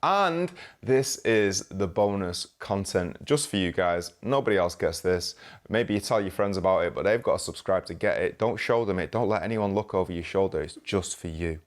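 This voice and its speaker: A man hosting a podcast, speaking in a relaxed, affirming way. His voice sits very low, and his phrases stretch out slowly. The recording carries a noticeable room echo. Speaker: podcast host. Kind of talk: casual interview chat. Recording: roomy echo.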